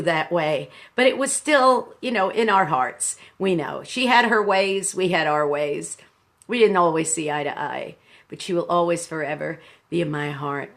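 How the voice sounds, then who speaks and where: A woman in her sixties who runs a radio station gives a halting, reflective live talk to her viewers, calling them "boys and girls" while she grieves. Her voice sits at a medium pitch with a fairly bright tone.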